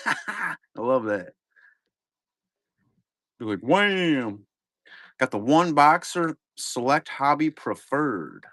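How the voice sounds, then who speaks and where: On a live stream where he opens card boxes, a middle-aged man rambles casually to his chat viewers. His voice sits on the high side with a sharp tone, recorded at studio quality without room sound.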